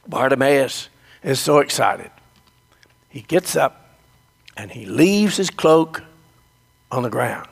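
A male preacher tells a story at an unhurried pace and speaks directly to his listeners. His voice has a gravelly edge and sits a little high for a man. A long reverb hangs behind him in the church. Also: animated. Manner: storytelling, addresses the congregation directly. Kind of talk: sermon.

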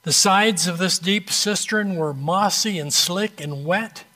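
A man preaching a sermon, telling an illustrative story with dramatic pauses and a conversational, direct manner. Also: high voice, pushed and bright.

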